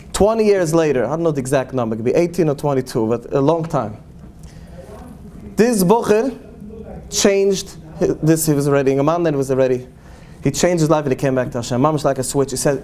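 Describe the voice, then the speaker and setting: A man, a rabbi, telling stories to an audience in English, animated and acting out the people he quotes. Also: a little high, a little hiss or hum. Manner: animated storyteller, acts out quoted voices, Yiddish-laced English. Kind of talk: storytelling talk to an audience.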